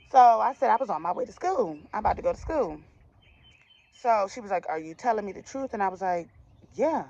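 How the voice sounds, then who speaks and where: A woman's voice: fairly low pitch, gravelly, a little mellow, muffled recording. A young woman from the DMV area telling a personal storytime to her viewers in a chatty, slangy way with laughing asides. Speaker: vlogger. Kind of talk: casual storytime.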